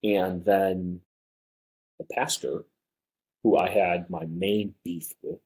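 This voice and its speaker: A young man telling a story as a podcast guest, animated and full of fillers. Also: sits low, slow, husky, rough recording. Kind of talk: casual storytelling.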